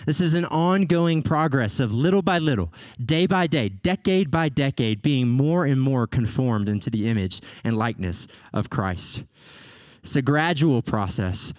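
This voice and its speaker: Male pastor, animated sermon delivery with playful asides, mid-pitched voice, dry close-miked sound. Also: measured pace, dry recording. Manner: animated, playful asides, rising to emphatic peaks.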